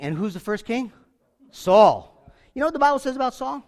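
Animated male preacher with a high voice, casual sermon delivery, acts out bits of dialogue. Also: normal speed. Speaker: pastor.

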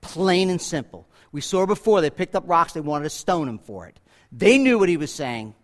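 Male pastor, high voice, dynamic sermon delivery with loud peaks and soft asides. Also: animated, normal speed. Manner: dynamic preaching, swinging between loud emphatic peaks and quiet asides. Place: church.

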